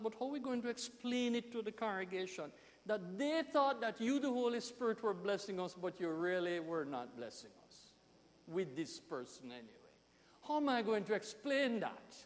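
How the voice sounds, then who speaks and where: Jamaican male pastor, animated sermon storyteller, high voice, big hall echo. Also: moderate pace. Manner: animated storytelling, emphatic swings in loudness.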